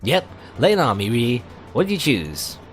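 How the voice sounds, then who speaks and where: A man's voice: medium pitch, wildly swooping pitch, normal speed. A man reads out an eager teenage boy with an upbeat, bouncy delivery. The voice rises and falls a lot. Faint music plays behind it.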